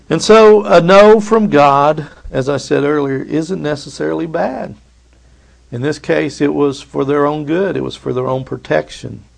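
Gravelly-voiced man preaching a sermon. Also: mid-range voice. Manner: reads scripture aloud and acts out voices of biblical figures.

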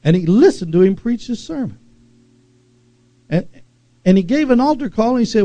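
Guy preaching a sermon in church, high voice, dry close sound, calls out to the crowd a lot. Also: expressive, moderate pace, long pauses, no echo, muffled recording. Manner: emphatic preaching with repeated phrases and sudden loud peaks; calls and responses to the congregation. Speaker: pastor. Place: church service.

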